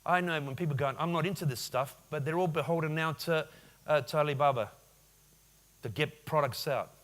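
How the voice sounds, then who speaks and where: A man in his forties giving a lively business keynote at a conference, often firing questions at the audience. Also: fairly high pitch, fairly quick. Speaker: conference speaker. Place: conference hall.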